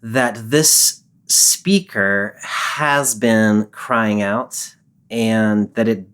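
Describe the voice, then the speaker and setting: A man co-hosting a podcast, explaining a psalm in a measured, patient way and quoting its verses. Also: fairly low pitch, a bit bright, smooth. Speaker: podcast co-host and Bible scholar. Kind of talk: casual discussion.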